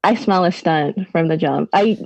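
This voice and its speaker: A woman's voice: fairly low pitch, moderate pace, creaky, darkish tone, no echo, low-quality recording. A young woman from Canada with a Canadian accent, a podcast guest who chats casually and keeps breaking into giggles. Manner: giggly, laughs through her answers.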